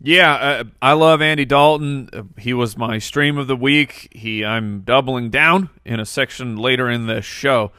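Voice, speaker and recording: A man's voice: medium pitch, a little slow, hardly any pauses, pushed and bright, no room sound, clean studio sound. A man co-hosting a sports podcast, playful and hamming up his announcements and ad reads. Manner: playful, hams up announcements and ads. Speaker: podcast co-host. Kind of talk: casual podcast chat and sponsor read.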